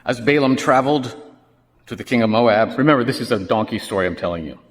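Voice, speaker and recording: A man preaching a sermon in a church, telling a story with wry, animated asides. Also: medium pitch, fast talker. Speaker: pastor. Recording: long reverb of a church hall.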